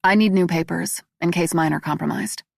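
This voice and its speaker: A woman's voice: fairly low pitch, a little fast, gravelly, dry recording, clean studio sound. Woman voicing a blunt, tough woman assassin. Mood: blunt, forceful.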